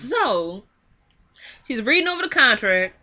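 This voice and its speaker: A young woman talks through a movie plot in a casual, animated way. Her voice sits a little high and bright. She keeps slipping into quick quoted lines for the characters. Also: lo-fi sound. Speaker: film reviewer. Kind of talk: casual movie recap and commentary.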